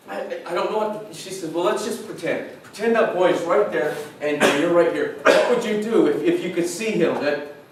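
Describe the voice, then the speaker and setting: A middle-aged male pastor telling a personal story in a sermon, emotional and halting, often restarting his sentences. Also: on the high side. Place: large church hall. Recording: echoey church hall from far off, faint noise.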